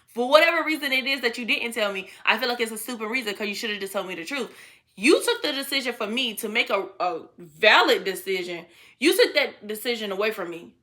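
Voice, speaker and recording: A woman's voice: a little high, animated, a little fast, bright, forceful tone. A woman vlogger telling a personal story in a blunt, casual way, swearing freely and laughing often.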